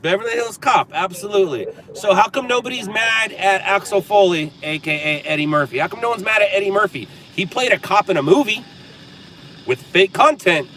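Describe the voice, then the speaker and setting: A man's voice: high-pitched, animated, fairly quick, sharp tone. A man from Southern California hosting a casual livestream, talking back to viewer comments in a sarcastic, riffing way. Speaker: livestream host. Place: in a car.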